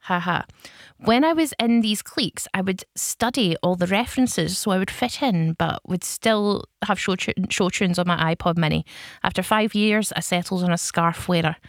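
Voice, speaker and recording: A woman with a somewhat low voice chats as a podcast co-host, spinning self-deprecating stories and laughing often. The sound is close and dry, with no room around it. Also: moderate pace, no room sound. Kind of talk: casual chat.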